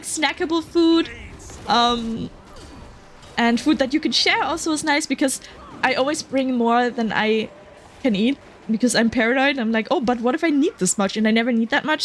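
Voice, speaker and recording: High pitched girl streamer rambling and giggling, lots of ums, faint hum in the background. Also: fairly bright tone. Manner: chatty, giggly, lots of fillers. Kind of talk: casual chat while gaming.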